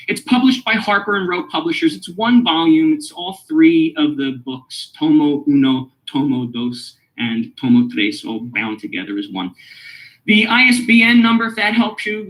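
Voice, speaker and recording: A man lecturing on a radio show, his voice sitting a little higher than most men's. He swings his pitch widely and jumps up on the phrases he stresses. He spells out details and repeats them slowly. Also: fairly bright tone, poor audio. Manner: emphatic, rises high on stressed phrases. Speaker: lecturer hosting a radio lesson series.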